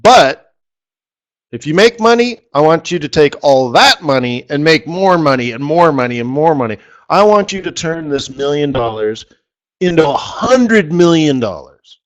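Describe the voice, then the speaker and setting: A man's voice: fairly high pitch, natural voice. A man voicing a boastful, pushy rich male investor in a brash, eager way.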